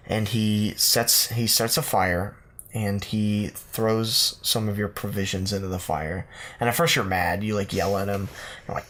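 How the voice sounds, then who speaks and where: Low-voiced man spinning a comic tale. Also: steady tone, unhurried, pushed and bright. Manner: meandering, full of ums and uhs, playful. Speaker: podcast co-host. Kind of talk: improvised comedic story narration.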